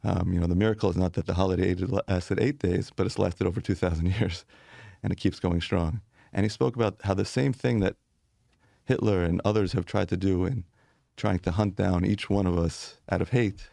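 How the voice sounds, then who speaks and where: A man's voice: deep voice, creaky, mellow, dry recording, clean studio sound. A man, a rabbi, telling stories earnestly in a conversational interview, with light laughs.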